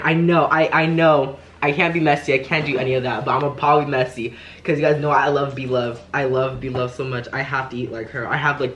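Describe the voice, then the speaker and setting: A young man chatting excitably as he sets up and eats a seafood mukbang. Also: mid-range voice, slight background noise. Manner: excitable, chatty, loud exclamations at spicy food. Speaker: vlogger. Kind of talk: mukbang eating vlog. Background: background music.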